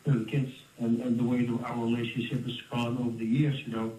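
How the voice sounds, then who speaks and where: Animated Dutch man in a roomy space. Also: mid-range voice, quick pace, slight background noise. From Netherlands. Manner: animated, laughs often, restarts words. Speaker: interview guest, former fighter. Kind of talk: casual storytelling interview. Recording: roomy, distant mic with faint ambience.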